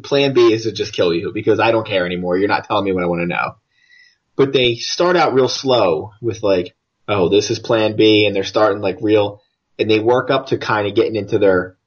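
A man's voice: on the low side, slightly rough, muffled recording. An American man co-hosting a podcast, chatting casually and jokily about a film. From United States. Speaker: podcast co-host.

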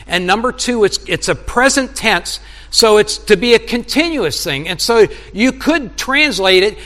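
A man's voice: high-pitched, lively intonation, unhurried, fairly bright tone, in a large hall. A middle-aged male preacher giving an earnest sermon, often acting out his own prayers and conversations with God. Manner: earnest, acts out dialogues with God.

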